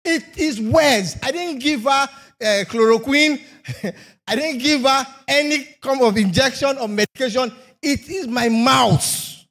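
A man's voice: very high voice, measured pace, fairly bright tone. A man preaching a sermon, emphatic, asking rhetorical questions and repeating phrases for effect.

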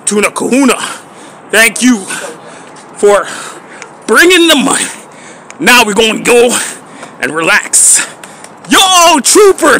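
A man livestreaming, thanking viewers and ranting in a profane, agitated way, often breaking into shouts. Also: very high voice, sing-song, takes it slowly, pauses often, slight background noise. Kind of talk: livestream rant.

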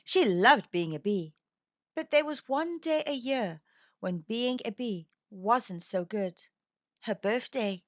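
A woman reading a children's picture book aloud, gentle and expressive. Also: fairly high pitch, slow pace, dry recording. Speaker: storyteller. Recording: dull dry recording.

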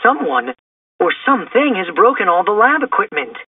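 A man's voice: high-pitched, big pitch swings, normal speed, breathy edge, dry recording, voice pushed up, exaggerated voice. A man reading a storybook aloud and voicing a friendly teenage girl detective who likes to inform. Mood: informative. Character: upbeat teen girl detective. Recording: distant, tinny phone-like sound.

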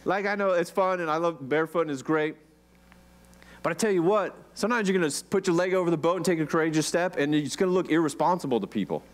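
A man's voice: on the high side, fast talker. A man preaching a casual sermon, chatty and joking, with rhetorical questions and many "like"s. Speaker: pastor.

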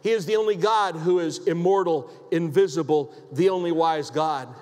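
A pastor preaching a sermon in a church, emphatic and repetitive, asking rhetorical questions. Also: male voice, on the high side, moderate pace, a little mellow. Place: church sanctuary. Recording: long hall reverb.

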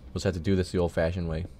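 A gaming channel host with a low-pitched voice mutters casual commentary over gameplay, often swearing in frustration at the game. Keyboard and mouse clicks and background noise are audible.

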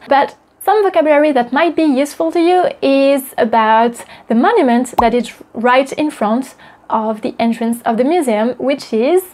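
A woman with a French accent teaching pronunciation, drilling words slowly syllable by syllable. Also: high voice, darkish tone. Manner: slow careful drills, repeating words syllable by syllable. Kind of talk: pronunciation lesson.

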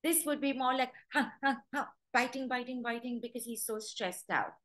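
Woman, dog trainer, fairly high-pitched, webinar talk, lively storytelling, quotes dogs' thoughts. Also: brisk, low-quality recording.

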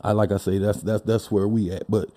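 Detroit man hosting a casual podcast, blunt and cussing, mellow voice. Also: on the low side, fairly even intonation, brisk. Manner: blunt, profane, emphatic. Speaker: podcast host. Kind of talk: casual opinion monologue.

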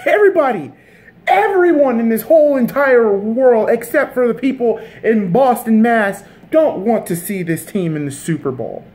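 Heated, swearing sports-vlog ranter, lively pitch. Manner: heated, profane, repeats himself and restarts mid-sentence. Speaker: sports vlogger. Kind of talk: casual sports rant to camera.

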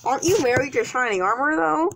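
A woman's voice: high-pitched, expressive, fast talker, gravelly, background noise. A woman voicing a hesitant young boyfriend.

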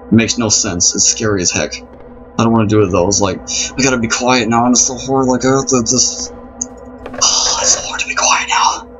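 A lowish male voice rambles nervously through a horror let's-play, apologizing again and again. The recording is dull and lo-fi. Game music runs clearly underneath. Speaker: gamer playing a horror game. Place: at home at night.

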